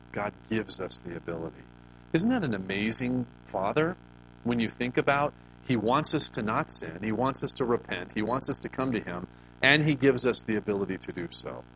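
A man's voice: fairly low pitch, background noise. A middle-aged man preaching to a congregation in a conversational, storytelling way, often asking them questions. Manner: folksy personal storytelling. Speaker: pastor. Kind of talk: sermon.

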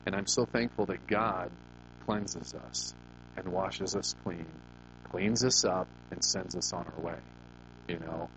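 Man preaching a homey sermon with steady hum. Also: low voice, takes it slowly, creaky. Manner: conversational, asks the congregation questions; folksy personal storytelling. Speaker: pastor.

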